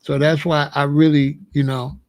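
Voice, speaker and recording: A middle-aged American man with a fairly high, gravelly voice, heard close and dry. He hosts his own show and tells stories in a loose, animated way. He circles back over his own phrases as he talks. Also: moderate pace, dry recording. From United States. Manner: animated, rambling, repeats phrases. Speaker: host. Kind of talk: casual storytelling chat.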